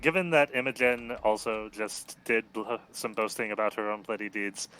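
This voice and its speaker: Man, tabletop player, bright sharp voice, chatty, laughs a lot, faint hiss behind. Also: fairly low pitch, fairly even intonation, moderate pace, poor audio. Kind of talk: casual tabletop play.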